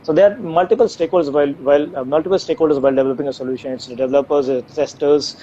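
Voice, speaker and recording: A man answering live questions about his company's technology, hesitating often with fillers and restarts. His voice is mellow and warm. The audio is dull and lo-fi, over a video call with a faint hiss behind it. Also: on the high side, fairly even intonation, racing. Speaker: AI company co-founder guest.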